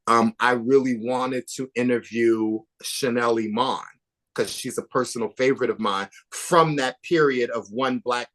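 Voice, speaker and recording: An animated male guest in relaxed interview chat, telling behind-the-scenes stories like gossip. He swings from emphatic, rising bursts to hushed, confiding asides, and his pitch sits in the middle of the usual range for a man. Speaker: podcast guest, author and documentary maker.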